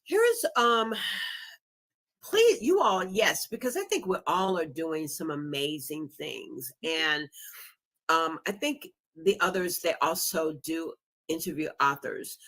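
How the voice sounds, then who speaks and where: A woman's voice: deep voice, lively intonation, takes it slowly, a bit bright. A woman guest on a live stream, speaking in a heartfelt, emotional way. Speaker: guest podcaster. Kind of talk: casual live-stream chat.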